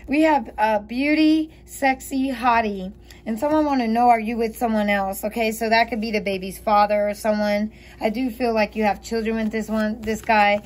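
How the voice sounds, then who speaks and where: A woman's voice: on the high side, fairly even intonation, moderate pace. Chatty woman reading tarot cards. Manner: chatty, thinking aloud, giggly. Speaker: tarot reader.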